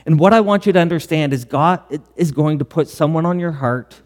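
A man's voice: on the high side, a little fast. Male pastor, middle-aged, earnest sermon storyteller, long hall reverb. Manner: earnest storytelling with quoted dialogue.

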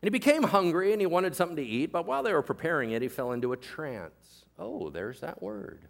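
A man preaching a sermon as pastor, animated and joking, acting out the voices of people in the story. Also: fairly high pitch, brisk, gravelly. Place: church.

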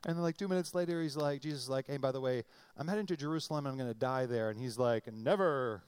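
A middle-aged male pastor preaching in a conversational, animated way, acting out quotes with comic voices. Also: mid-range voice, racing, smooth. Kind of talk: sermon.

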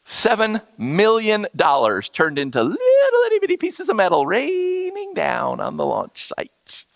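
A man preaching a sermon as a pastor, telling stories in an animated way and acting out the voices of the people in them. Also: sits high, measured pace, creaky, dry recording.

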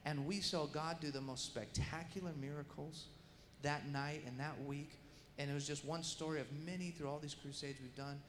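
A middle-aged man preaching a sermon and telling a story with lively acted-out voices and sound effects. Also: a little high, normal speed, few pauses. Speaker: guest preacher. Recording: echoey hall with faint room noise.

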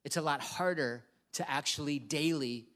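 Male pastor, middle-aged, slightly high voice, earnest and emphatic sermon delivery. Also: a bit bright. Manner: earnest, emphatic preaching with slowed stresses.

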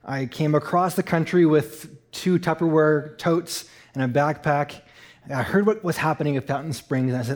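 Slightly high-voiced man telling a testimony. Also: moderate pace. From Eastern Canada. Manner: lively storyteller who drops soft and quiet for grave moments. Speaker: musician sharing a testimony at church. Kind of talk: personal testimony in a church talk.

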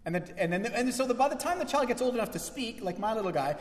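A man preaching a sermon as pastor, lively and acting out the voices he quotes. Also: high-pitched, fast talker. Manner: animated, acts out quoted voices. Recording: echoey church hall.

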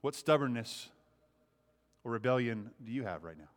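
A man's voice: medium pitch, expressive, normal speed. A man preaching a sermon, impassioned, repeating phrases and acting out the speech he quotes. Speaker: pastor.

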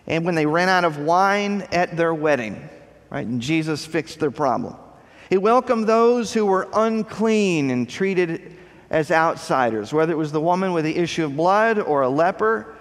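A pastor preaching a sermon, emphatic and slowing down to stress key phrases. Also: male voice, a little high, lively intonation, in a large hall.

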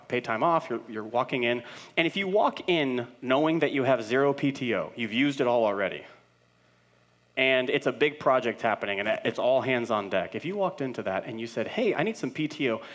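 Animated man preaching a sermon. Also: mid-range voice. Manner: conversational preaching, acting out quoted voices, animated swings in loudness. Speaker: pastor.

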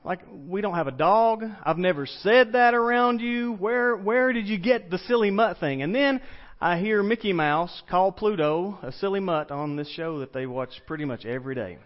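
A man with a Southern drawl from East Tennessee delivers a relaxed, homespun sermon, his voice sitting slightly high. He keeps turning to the congregation with questions. The church recording sounds muffled and lo-fi. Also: normal speed. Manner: folksy storytelling, poses questions to the congregation. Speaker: pastor. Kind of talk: conversational sermon. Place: church sanctuary.

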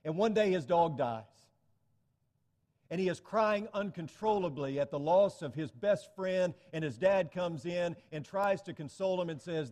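Pastor guy giving a sermon, kinda high voice, earnest storyteller, big echoey church sound. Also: moderate pace, darkish tone.

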